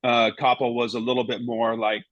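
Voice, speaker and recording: Speaking at a moderate pace in a level, medium-pitched voice, a middle-aged man who used to play goalkeeper shares anecdotes as a podcast guest. His storytelling is casual and meandering, peppered with "you know" and "right?". There's no echo, though the sound is lo-fi.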